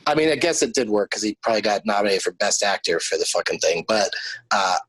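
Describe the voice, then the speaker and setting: A man's voice: on the low side, lively intonation, fast, a bit bright, slightly rough, no room sound. A man hosting a comedy game podcast, chatting in a rambling way and laughing easily. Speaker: podcast host.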